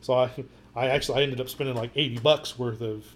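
A man's voice: medium pitch, fast. Guy cohosting a podcast, rambles a lot, keeps repeating himself, mid voice. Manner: rambling, repeats words, animated storytelling with quoted voices. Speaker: podcast co-host. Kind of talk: casual chat.

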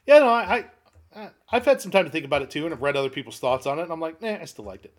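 A man's voice: on the high side, sing-song, rapid-fire. A man chatting casually about movies, laid-back and hesitant with many ums. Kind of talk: casual chat.

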